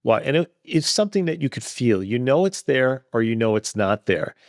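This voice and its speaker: Expressive male podcast host, dry sound. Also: medium pitch, normal speed, no room sound. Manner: frank, blunt, motivational. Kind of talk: conversational interview.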